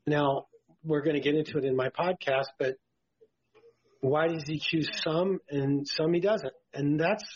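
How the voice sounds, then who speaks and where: A man's voice: on the high side, steady tone, measured pace, slightly rough. A tired man co-hosting a Christian podcast, rambling and stammering as he preaches in casual talk. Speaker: podcast co-host. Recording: dull lo-fi podcast audio.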